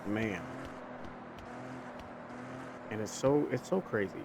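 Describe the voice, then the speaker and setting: A man's voice: fairly low pitch, a little fast, a little mellow. A young man hosting a gaming video, talking casually and earnestly about faith while he drives, full of restarts and fillers. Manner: rambling and conversational, with many restarts and fillers. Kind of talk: casual chat while playing a driving game. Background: faint car engine and road noise from a game.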